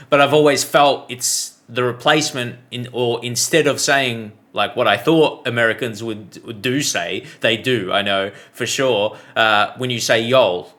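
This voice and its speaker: A man's voice: medium pitch, measured pace, bright, forceful tone. An Australian man hosting a reaction video, chatting casually and restarting his thoughts as he goes. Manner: rambling, restarts mid-thought.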